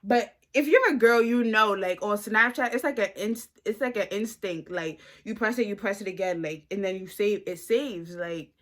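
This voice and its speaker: Young american woman in her 20s, storytime vlog on her phone, animated, says like a lot. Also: medium pitch, normal speed, hardly any pauses. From United States. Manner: animated, slangy, lots of "like". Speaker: vlogger. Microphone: phone camera.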